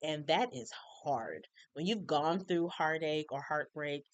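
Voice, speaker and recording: A woman's voice: deep voice, expressive, measured pace, no room sound. A woman in her forties talking casually and with feeling about songs she loves, in a chatty, heartfelt way. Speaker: music commentator. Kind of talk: casual music commentary.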